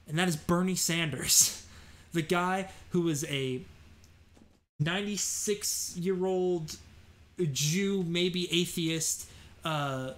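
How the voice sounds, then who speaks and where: Guy with a slightly high voice doing a live political rant show, lots of ums and restarts. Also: a bit bright. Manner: opinionated, rambling with fillers and restarts. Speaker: host.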